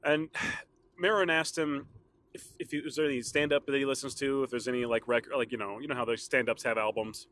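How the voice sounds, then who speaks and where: On a solo podcast episode, the host rambles casually and laughs often, his throat slightly sore. He speaks briskly in a steady, mid-range voice that's a bit bright, over slight background noise.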